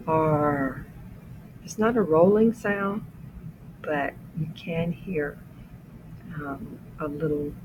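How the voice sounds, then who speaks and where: A man teaching the letters of the alphabet as an English lesson, saying each letter slowly and explaining how the mouth shapes it. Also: a little high, background noise. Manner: careful, deliberate letter-by-letter demonstration. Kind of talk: slow pronunciation lesson.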